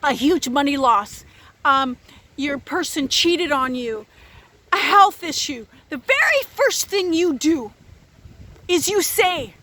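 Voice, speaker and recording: High, bright-voiced woman talking intensely. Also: big pitch swings, a little slow. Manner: intense and blunt, swears freely, emphatic. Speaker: spiritual vlogger. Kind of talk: unscripted spiritual talk to camera.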